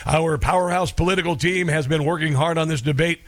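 A man's voice: fairly high pitch, fairly quick. Sarcastic, rambling talk radio host, man. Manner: rambling, sarcastic, chuckles at own jokes. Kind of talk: political talk radio monologue.

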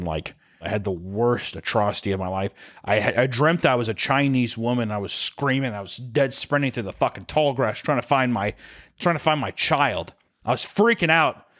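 Drunk male podcast host, rambling and profane, shrill screaming bits. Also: fairly bright tone. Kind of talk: comedic storytelling.

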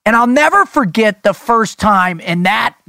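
A man hosting a podcast, telling stories in a casual, excitable way. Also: sits high, a little slow, gravelly, dry recording, studio quality. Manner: excitable, animated storyteller. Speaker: podcast host. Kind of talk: casual chat and storytelling.

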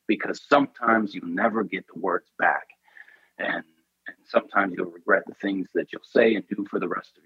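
A man's voice: sits low, slightly rough, dry recording, highs cut off. A man in an interview, telling a personal story in an earnest, intense way. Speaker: podcast guest.

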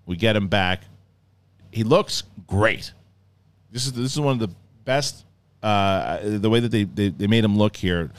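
Middle-aged man, low-pitched, loose rambling review commentary with plenty of restarts. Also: measured pace, pauses often, clean tone, no echo. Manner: rambling, acts out scenes in mock voices. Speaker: show reviewer.

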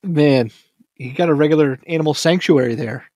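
A man's voice: a little high, a little mellow, dry recording, studio quality. A man hosting a casual sports podcast, jokey and upbeat. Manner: jokey, upbeat, quick laughs. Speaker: podcast host.

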